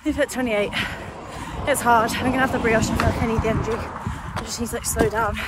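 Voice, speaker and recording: A woman's voice: fairly high pitch, steady tone, fast, heavy background noise. A young woman vlogging while on a long run, out of breath and emotional, cheering herself on and swearing. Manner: breathless, emotional self-encouragement, frequent swearing. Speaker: fitness vlogger. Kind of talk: casual vlog while running. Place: outdoors on roads.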